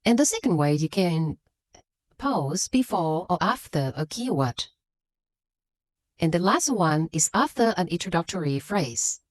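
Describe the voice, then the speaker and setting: A woman for whom is a gives a scripted lesson in a fairly low but very lively voice, pushing hard on the words she wants to stress. The recording is close and dry, with no room sound. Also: unhurried, no room sound. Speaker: English teacher.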